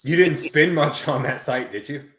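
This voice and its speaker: A man's voice: a little high, animated, moderate pace, fairly bright tone, roomy sound, a little hiss or hum. A man co-hosting a casual chat, rambling with many fillers and swearing freely. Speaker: podcast co-host.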